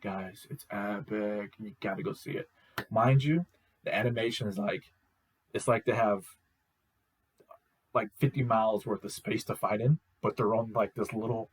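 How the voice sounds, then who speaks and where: Husky-voiced excitable young man. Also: on the low side, low-quality recording. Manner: excitable, repetitive, slangy. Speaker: host, reviewer. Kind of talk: casual enthusiastic show review.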